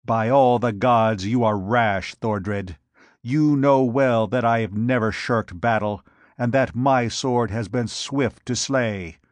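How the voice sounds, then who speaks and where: A man's voice: mid-range voice, takes it slowly, no room sound, close to an everyday voice. A man voicing a vengeful warrior queen. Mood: cold, threatening. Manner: commanding, snarling threats. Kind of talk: audiobook narration.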